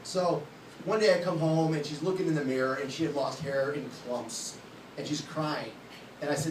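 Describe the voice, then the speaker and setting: A man's voice: fairly high pitch, normal speed. A man in his late thirties doing a stand-up comedy set on a club stage, joking bluntly and crudely at his own expense. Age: late 30s. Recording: echoey room, distant mic, loud background noise.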